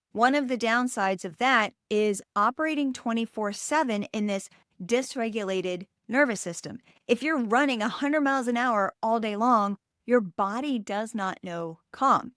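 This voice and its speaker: A woman's voice: a little high, a bit bright, no echo, studio quality. A woman hosting a podcast, coaching listeners in an emphatic, direct way.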